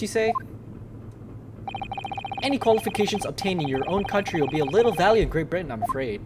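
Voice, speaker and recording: A woman voicing a showy, teasing English gentleman detective, with grand, drawn-out theatrical phrasing. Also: lowish voice, very noisy, close to an everyday voice. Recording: loud game music underneath.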